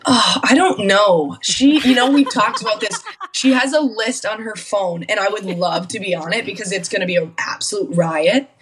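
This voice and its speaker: A woman's voice: mid-range voice, moderate pace, recorded from a distance, background noise. A young woman from Minnesota, a guest on a podcast, telling stories in casual chat and acting out what people said. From Minnesota, USA. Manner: chatty storyteller, acts out quotes. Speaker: guest hockey player.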